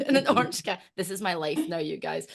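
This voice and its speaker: A woman's voice: lowish voice, sing-song, fairly quick, vocal fry. A woman podcast host from Scotland with a mild Scottish accent, chatty and self-mocking. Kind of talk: casual podcast chat.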